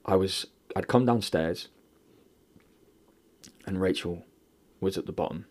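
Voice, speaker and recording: A man telling a painful personal story in an interview, emotional and near tears, halting and swearing often. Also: deep voice, a little mellow. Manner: candid, heavy swearing, halting restarts. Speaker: podcast guest.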